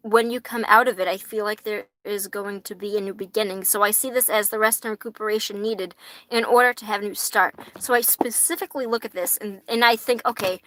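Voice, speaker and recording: Young woman, tarot livestream host, casual rambling chat, bright tone, dry close sound. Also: mid-range voice, no echo. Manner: chatty, rambling, swears casually, laughs often.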